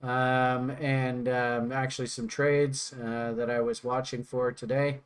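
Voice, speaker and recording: A man's voice: medium pitch, level tone, slow pace, smooth. A man hosting and teaching trading in a casual, rambling way, joking and thinking aloud with many fillers. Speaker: trading instructor and host.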